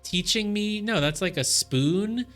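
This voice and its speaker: Casting: young male game streamer, bright forward tone, casual and rambling, thinks out loud. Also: sits high, expressive, measured pace, soft background music. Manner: chatty, puzzling aloud with many fillers. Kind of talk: live game commentary.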